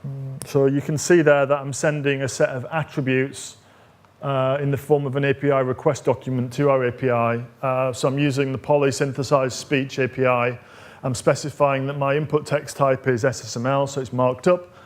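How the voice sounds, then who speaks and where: A technical evangelist runs a live coding demo, walking the audience through each step in a loose, conversational way. His pitch is average and his tone level, at normal speed, with frequent "uh"s as he thinks aloud.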